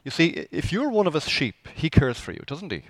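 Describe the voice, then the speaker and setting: A man's voice: on the high side, big pitch swings, a little fast, a bit bright, no room sound. A man preaching a conversational sermon as pastor, asking the congregation rhetorical questions.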